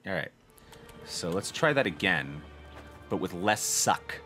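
Lively, swearing let's-play man. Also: low-pitched, measured pace, faint music behind. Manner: frustrated, swears a lot, talks to himself; jumps from muttering to loud outbursts. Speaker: gaming channel host.

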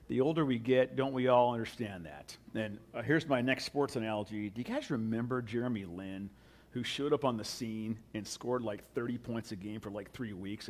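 A man, a pastor, teaching a sermon in a conversational way, often restarting his sentences and adding asides. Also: lowish voice. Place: church.

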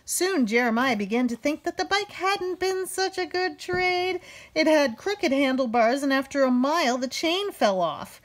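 A woman's voice: high voice, lively intonation, measured pace. A woman reading a children's picture book aloud, raising her voice to act out the characters. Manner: acts out characters with raised voices. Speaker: storybook reader.

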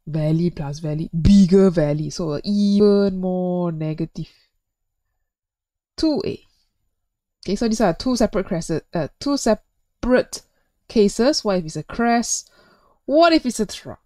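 A woman's voice: mid-range voice, a little mellow, no room sound. A woman teaching physics in a recorded video lesson, chatty and playful, joking and putting questions to the viewer.

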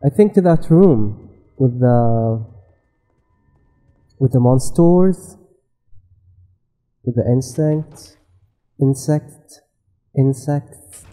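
A man's voice: medium pitch, lively intonation, drawn-out words, long pauses, warm tone, big-room sound, faint music behind, rough recording. A man giving casual gameplay commentary as a let's play gamer, swearing a lot and talking back to the game.

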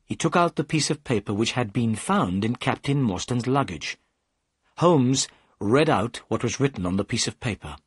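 A man narrating a simplified story for learners with clear, measured pacing. His pitch moves in a lively way and his voice has a husky edge. The sound is dry and close. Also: no echo. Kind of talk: scripted audiobook narration for learners.

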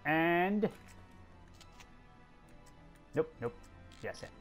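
A man narrates his own strategy game session, scolding the units and cursing at his bad luck. His voice sits a bit high and swings widely in pitch. Faint game music plays behind him. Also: animated, very slow. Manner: exasperated, swearing, talking to game characters. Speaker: gameplay commentator. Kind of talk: let's play commentary.

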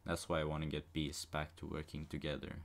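A man reading the part of an earnest male bee hero giving a rallying speech, in a flat monotone. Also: a bass voice, a little fast. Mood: deadpan.

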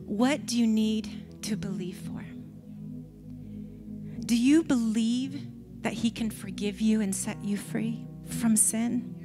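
An older woman preaches in a church, her voice sitting a little high. She drives her sermon with passionate repetition and sometimes sinks to a whisper. Music plays clearly underneath her. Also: slow, long pauses. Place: church sanctuary.

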